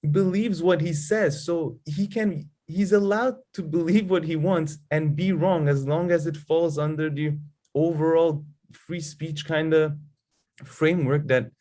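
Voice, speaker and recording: A man co-hosting a casual political debate chat, relaxed and quick, with many "you know"s. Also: on the high side. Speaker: podcast co-host.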